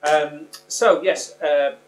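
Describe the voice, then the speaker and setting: A man's voice: a little high, steady tone, extremely slow. A man with a Liverpool accent hosting a podcast, rambling and joking with plenty of fillers. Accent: Liverpool English. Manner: rambling, jokey, lots of fillers. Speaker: podcast host. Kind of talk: casual chat. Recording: echoey room with background noise.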